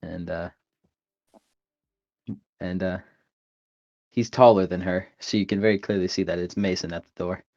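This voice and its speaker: A man narrating as game master of a tabletop game, halting and filled with pauses. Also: deep voice, fairly even intonation, a little mellow, dry recording, muffled recording.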